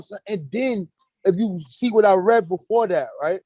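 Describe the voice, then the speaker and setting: A man hosting a live stream, talking in animated, profane street slang and acting out courtroom exchanges. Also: sits high, moderate pace, dry recording, low-quality recording. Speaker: host. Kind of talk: casual live-stream chat.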